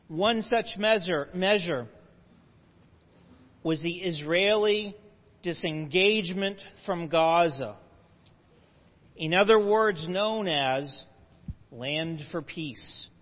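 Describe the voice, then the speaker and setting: A man with a high-pitched voice lectures a live audience, explaining patiently and breaking off for asides and self-corrections. His voice carries a long hall reverb, and the recording sounds muffled and lo-fi. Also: very slow, long pauses.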